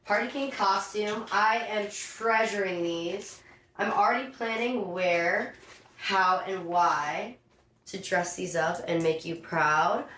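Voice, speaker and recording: A woman's voice: mid-range voice, slow pace, fairly bright tone, slight background noise. A young woman vlogger chatting through an unboxing, gushing and effusive. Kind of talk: excited unboxing chat. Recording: echoey room, voice from a distance.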